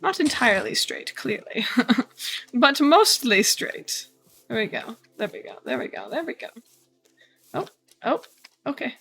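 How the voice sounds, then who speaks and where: A woman's voice: on the high side, very animated, unhurried, creaky, pauses often, fairly bright tone, soft background music. A woman live streaming a game, chatting casually to her viewers with sarcastic, mock-bored asides. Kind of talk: casual livestream chat while gaming.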